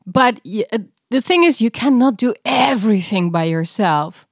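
A woman's voice: a little high, lively intonation, moderate pace, no room sound, studio quality. A woman co-hosting a podcast, chatting casually and laughing often. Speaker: podcast co-host. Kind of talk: casual chat.

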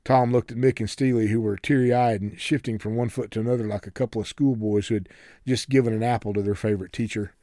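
A man reading a novel aloud as narrator in steady, measured storytelling. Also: lowish voice, dry recording, clean studio sound. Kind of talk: audiobook narration.

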